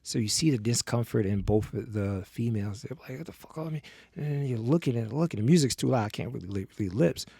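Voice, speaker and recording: A man with a gravelly voice at medium pitch tells a story on a podcast. He is casual and profane and acts out each person in his tale. The sound is dry and close to the mic. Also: brisk, hardly any pauses, no room sound. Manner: animated, profane, acts out the people in his stories. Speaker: podcast guest.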